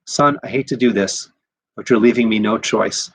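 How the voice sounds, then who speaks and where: A man doing a weary, steady father. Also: lowish voice, normal speed, slightly rough.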